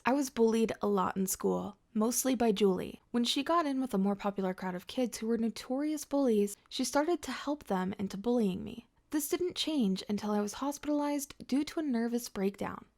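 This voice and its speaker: A woman reading first-person drama stories aloud in a steady scripted narration. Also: a little high.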